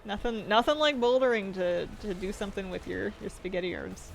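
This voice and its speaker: A woman's voice: medium pitch, expressive, fairly quick, vocal fry, a little hiss or hum. A young woman streaming a game, chatting playfully and rambling with self-deprecating jokes and frequent laughs. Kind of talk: casual stream chat.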